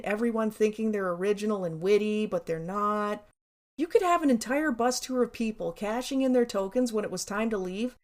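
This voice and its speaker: A woman in a fairly high voice reads her memoir aloud. She is wry and sarcastic and swears casually. The delivery is personal and conversational. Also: a little mellow. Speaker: memoir narrator.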